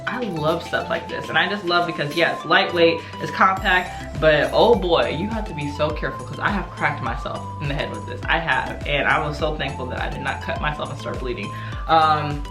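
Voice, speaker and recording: Low-voiced chatty American woman. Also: echoey room. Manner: chatty, laughing, many fillers and restarts. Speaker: martial arts vlogger. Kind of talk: casual show-and-tell vlog.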